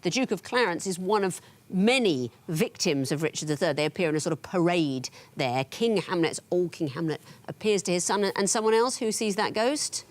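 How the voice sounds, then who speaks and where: A woman hosting a TV quiz in a studio, explaining answers in a crisp, wry way. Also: lowish voice, expressive, normal speed, hardly any pauses. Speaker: quiz show host.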